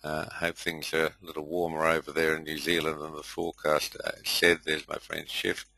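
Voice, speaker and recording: Older man, very low, bright voice. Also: monotone, normal speed, creaky, no room sound, low-quality recording. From India. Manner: rambling, many fillers, friendly roll call. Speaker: host. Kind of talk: casual webinar welcome.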